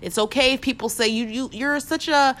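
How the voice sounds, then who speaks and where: A woman's voice: sits high, fairly even intonation, fairly quick, fairly bright tone. Woman podcaster, casual and slangy, emotional with a cracking voice, speaking off the cuff alone in her room. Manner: heartfelt, repetitive, casual slang-filled. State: voice cracking, holding back tears. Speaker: podcast host. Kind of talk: spontaneous inspirational monologue. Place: bedroom, alone.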